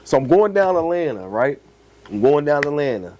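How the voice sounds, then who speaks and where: A man who is a podcast guest telling a story in casual chat, animated and profane, often repeating his phrases. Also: fairly high pitch, normal speed, a little hiss or hum.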